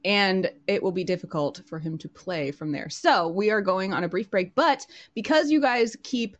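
A woman's voice: medium pitch, moderate pace, muffled recording. A woman player on a tabletop game show, chatting in an upbeat way and explaining at length. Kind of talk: casual show chat.

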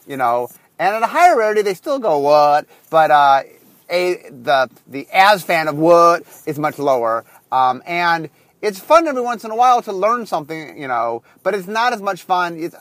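High, lively man podcasting from his car. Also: moderate pace, no room sound. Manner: rambling, with many fillers and restarts. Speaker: podcast host. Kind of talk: casual solo podcast monologue. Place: in a car while driving.

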